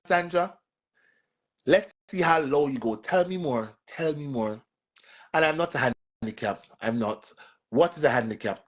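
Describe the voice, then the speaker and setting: A man's voice: mid-range voice, a bit bright. Jamaican man, casual live-stream host, sassy and repetitive, talks back to his comments.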